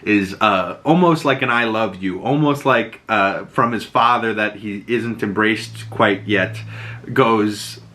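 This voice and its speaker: Excitable, bright-voiced male podcast host. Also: on the low side, slow. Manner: excitable, loose, swears freely. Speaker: podcast host recapping a TV episode. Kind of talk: casual recap chat.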